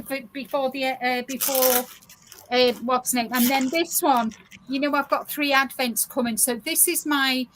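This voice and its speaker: A woman's voice: sits high, background noise. A woman hosting a casual craft livestream, explaining her work step by step with frequent restarts. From South Africa. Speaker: livestream host.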